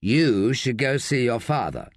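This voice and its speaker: A man's voice: medium pitch, big pitch swings, unhurried, dry recording, studio quality. A man voicing a cynical young male drug dealer who speaks curtly and with a sneer. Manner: curt, sneering.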